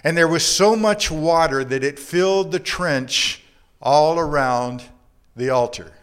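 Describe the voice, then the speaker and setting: A man preaching a sermon, reading scripture and acting out the voices in the story, dropping to a hush for emphasis. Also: fairly high pitch, a little slow, smooth.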